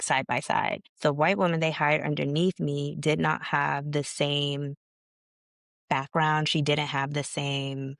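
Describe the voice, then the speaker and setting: Woman, deep voice, candid slangy storytelling, dry close sound. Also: vocal fry, no room sound. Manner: frank and casual, with slang and mild swearing. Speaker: podcast guest, founder of a leadership organization.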